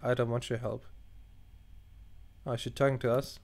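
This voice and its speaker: A man's voice: mid-range voice, moderate pace, vocal fry. Swearing young man reacting to a game. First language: not English. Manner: animated, swearing, thinking aloud while reading choices. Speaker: gaming channel host. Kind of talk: casual let's play commentary.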